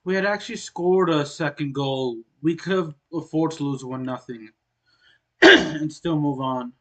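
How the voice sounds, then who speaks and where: A man with a somewhat high voice talks through his soccer game in a relaxed, explanatory way. He keeps clearing his throat and coughing now and then between remarks. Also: unhurried. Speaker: gaming channel host. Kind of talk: casual game commentary.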